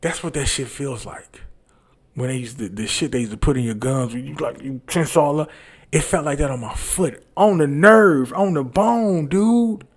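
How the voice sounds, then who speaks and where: Animated, profane man telling a story. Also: fairly high pitch, moderate pace. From Detroit. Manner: animated, profane, repeats phrases for punch. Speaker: comedian. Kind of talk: casual storytelling monologue.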